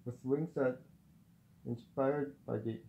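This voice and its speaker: A man casually reviewing a toy at home, talking in a halting way with many restarts. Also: medium pitch, steady tone, vocal fry, dark tone, breathy edge, muffled recording. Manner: halting, with frequent restarts and fillers.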